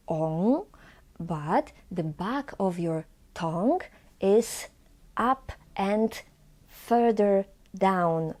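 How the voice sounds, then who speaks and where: Polish-accented female language teacher; deliberate, unhurried delivery, repeats every example word twice. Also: medium pitch, mellow. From Poland. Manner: slow, careful, repeats each word twice. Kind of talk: pronunciation lesson.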